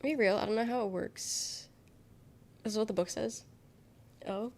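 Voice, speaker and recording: A woman's voice: mid-range voice, normal speed, darkish tone. A young woman with a nasal, under-the-weather voice, rambling through casual chat with her live viewers, giggling and swearing freely. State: sick, congested. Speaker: live streamer.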